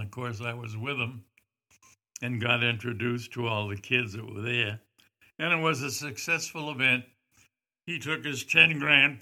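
An older man casually telling a long anecdote, rambling and pausing on frequent "uh" fillers as he goes. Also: mid-range voice, bright, forceful tone. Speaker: storyteller recalling a celebrity visit.

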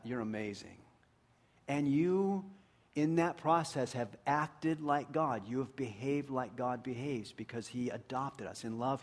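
Speaking to his congregation, a medium-pitched pastor delivers a sermon earnestly, frequently lowering his voice to a hush for emphasis.

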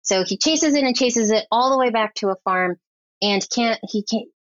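A woman's voice: a little high, normal speed, no echo. A young adult woman, a film editor guest, telling stories in a casual, chatty podcast interview full of fillers. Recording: slightly dull lo-fi audio.

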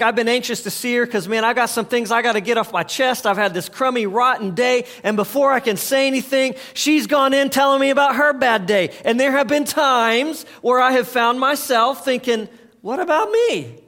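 This middle-aged pastor has a very high, fairly bright voice. He preaches conversationally, leading his congregation in call-and-response as they repeat his phrases back to him.

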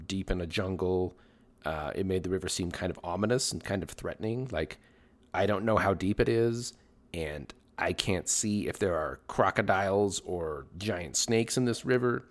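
Man, middle-aged, podcast host, scripted storytelling, dry wry humor, lowish voice. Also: moderate pace.

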